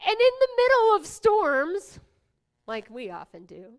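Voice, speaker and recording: A woman pastor preaching a sermon, swinging from hushed whispers to loud exclamations, with playful asides to the congregation. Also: extremely high pitch, huge pitch swings, unhurried.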